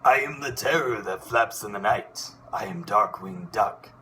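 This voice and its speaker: A man voicing a theatrical, boastful male superhero duck who booms dramatic declarations. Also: a little slow, bright, forceful tone, slight background noise. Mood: grandiose.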